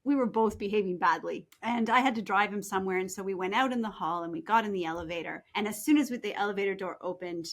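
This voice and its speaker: A middle-aged woman, an executive coach being interviewed, telling family anecdotes in a lively way and laughing as she goes. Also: medium pitch, fast, few pauses. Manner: animated, laughs through anecdotes, acts out quoted voices. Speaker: executive coach and author, guest. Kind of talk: storytelling in a podcast interview.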